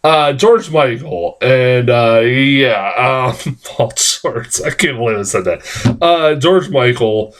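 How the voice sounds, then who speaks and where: A man's voice: mid-range voice, lively intonation, slow pace. A man giving a casual, rambling film review, full of filler words, swearing and self-corrections, sounding tired.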